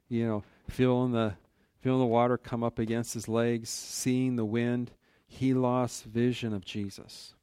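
A man's voice: mid-range voice, steady tone, a little slow, darkish tone, smooth, dry recording. A man teaching from the Bible in a conversational, earnest way, often restarting his sentences and adding "you know". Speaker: preacher.

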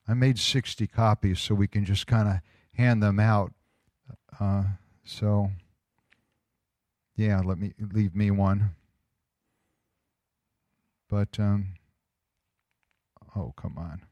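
A man giving a sermon as pastor, reading a prophetic word slowly and with emphasis, with casual asides in between. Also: lowish voice, flat delivery, darkish tone, dry recording. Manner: conversational asides with fillers.

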